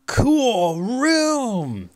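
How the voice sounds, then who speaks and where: A reader voicing an excited young boy in a children's read-aloud, lifting the voice high and exclaiming eagerly. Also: drawn-out words, dry recording, exaggerated voice.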